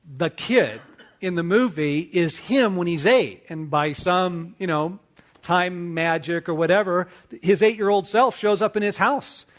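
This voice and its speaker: A middle-aged man hosting a talk to men, telling a movie story with lively acted-out dialogue. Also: sits high, measured pace. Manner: animated storyteller acting out dialogue. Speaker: host. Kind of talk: casual teaching talk to men.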